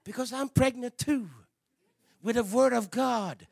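High, lively preacher man with gravelly edge. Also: unhurried, dry recording, studio quality. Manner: animated, swings from quiet asides to shouting. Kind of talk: sermon.

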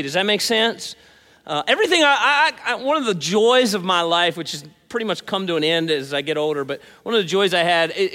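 High, bright-voiced pastor preaching in a hall. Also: male voice. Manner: animated, conversational preaching with frequent asides. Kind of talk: sermon. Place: church sanctuary. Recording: long hall reverb.

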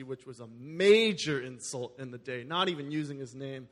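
A man's voice: mid-range voice, moderate pace, few pauses, in a large hall. A man preaching a sermon. He reads scripture aloud and breaks off into casual, conversational explanations of the story. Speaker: pastor.

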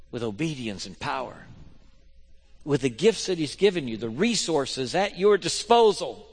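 A male pastor delivering a sermon, his voice sitting a little high for a man. He swings between loud, fervent exhortation and hushed, intimate appeals. He keeps putting rhetorical questions to the congregation. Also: very animated, a little slow, slightly rough.

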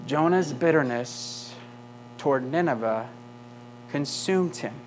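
Slow, emphatic preaching man. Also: on the high side, expressive, a little hiss or hum. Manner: emphatic, asks the congregation rhetorical questions. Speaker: pastor. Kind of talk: sermon.

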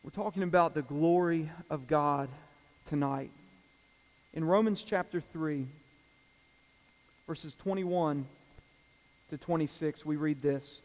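A man's voice: fairly high pitch, a little mellow. Man preaching in a reverberant church. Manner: conversational preaching with fillers and asides; reads scripture aloud at a measured pace. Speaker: pastor. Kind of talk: sermon. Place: church sanctuary.

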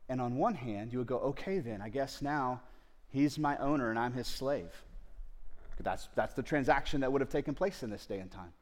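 Pastor preaching, hushed to loud. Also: male voice, medium pitch, normal speed. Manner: swings from hushed tender asides to loud pleading; addresses the audience directly. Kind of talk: sermon. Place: church service before a congregation.

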